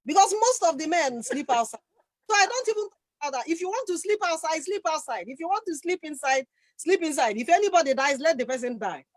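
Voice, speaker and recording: A woman on a discussion panel, speaking forcefully and with passion from her own experience. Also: sits high, expressive, fast talker, no echo.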